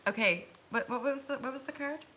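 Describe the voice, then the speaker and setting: A woman's voice: sits high, fairly quick, bright, forceful tone, slight background noise. A woman, hosting a live tarot stream as casual chat, bubbly and giggly as she talks straight to her viewers. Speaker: host reading tarot cards on a live stream.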